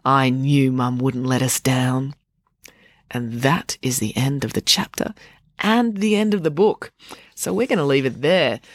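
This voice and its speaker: Lively storybook podcast narrator, dry close sound. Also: mid-range voice, dry recording. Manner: lively, chatty, talks straight to young listeners. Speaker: podcast host reading a children's book.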